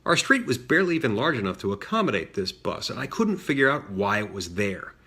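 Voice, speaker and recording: A middle-aged man telling a personal story in a measured way, with frequent fillers and restarts. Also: lowish voice, big pitch swings, pushed and bright, husky. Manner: measured, many fillers and restarts, mimics voices in quotes. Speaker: senator recounting a childhood story. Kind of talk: storytelling monologue.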